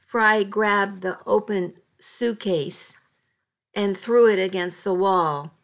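A woman's voice: medium pitch, takes it slowly, creaky. A woman narrating a first-person story with dramatic, emotional delivery.

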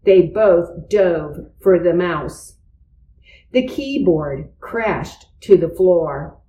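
A woman slowly reading a children's storybook aloud. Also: lowish voice, expressive, roomy sound, dull audio. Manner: slow, deliberate. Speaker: reader.

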